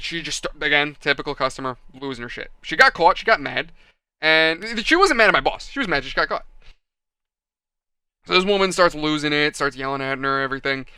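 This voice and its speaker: A man telling a rambling story in a chatty, animated way while building a model kit. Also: a little high, smooth, no echo. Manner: chatty, animated, acts out quoted people.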